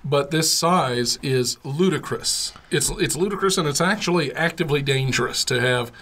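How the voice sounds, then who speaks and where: A man's voice: fairly high pitch, normal speed, a bit bright. A man co-hosting a podcast, chatting casually and complaining emphatically with a joking edge. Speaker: podcast co-host. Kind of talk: casual food-tasting chat.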